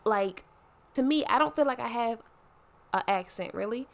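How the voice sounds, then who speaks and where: A woman's voice: on the high side, expressive, normal speed, gravelly. A woman in her twenties from Baltimore, with a Baltimore accent and a slight Southern twang, talking to camera in a chatty, slangy, playful way. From Baltimore, Maryland. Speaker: vlogger. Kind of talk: casual chat to camera.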